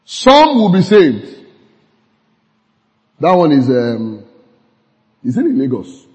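A pastor with a slightly high, somewhat mellow voice preaches slowly, his pitch swooping wildly as he keeps the sermon casual and conversational. He laughs often and asks the audience if they're following, and the sound is muffled with long hall reverb.

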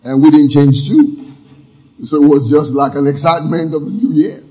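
A man's voice: on the high side, moderate pace, dark tone. A man preaching a sermon as pastor, emphatic, with asides and acted-out sound effects. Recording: muffled lo-fi sermon audio.

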